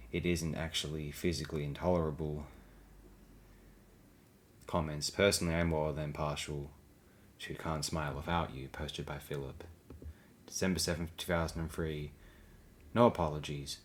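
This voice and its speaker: A man's voice: a bass voice, a little hiss or hum. A man reading blog posts aloud as an audiobook, with a dry, sardonic delivery. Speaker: audiobook reader.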